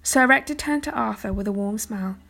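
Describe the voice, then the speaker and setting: A woman gently reading a chapter book aloud as a storyteller, sometimes dropping to a whisper. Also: mid-range voice, brisk, vocal fry. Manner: gentle, soft-spoken, dropping to a whisper at times.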